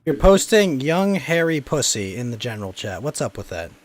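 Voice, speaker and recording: A man's voice: mid-range voice, big pitch swings, normal speed, no echo. A man hosting a streamed podcast, joking around and answering his chat. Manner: playful, reads and answers chat.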